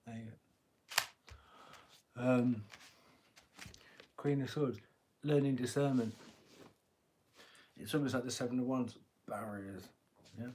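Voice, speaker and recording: Chatty tarot reader, average-pitched man, joking and casual on a phone live stream. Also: fairly even intonation, slow, pauses often, warm tone, a little hiss or hum. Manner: chatty, joking, laughs often, swears.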